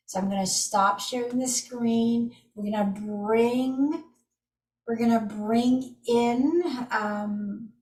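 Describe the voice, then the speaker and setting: A woman's voice: mid-range voice, darkish tone. Woman guiding a tapping session, echoey. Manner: encouraging, speaks example phrases aloud. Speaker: energy healing teacher. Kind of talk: guided tapping demonstration. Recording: echoey room, far from mic.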